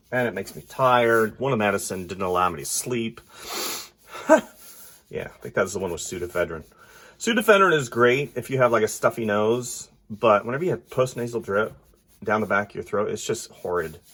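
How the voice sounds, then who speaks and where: A stuffy-nosed man talks through a drawing while he works, his husky voice sitting low. His pitch swings up and down as he thinks aloud, often dropping into murmurs under his breath. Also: a bit bright. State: congested, stuffy nose. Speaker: artist. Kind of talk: casual drawing commentary.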